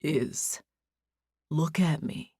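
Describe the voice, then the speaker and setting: A caring young man speaks softly, gently coaxing, as a woman narrator reads him in her own lowish voice. There is little change from her plain voice. The sound is close and dry. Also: very slow, breathy edge, no echo, full character voice. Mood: gentle. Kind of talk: audiobook character voice.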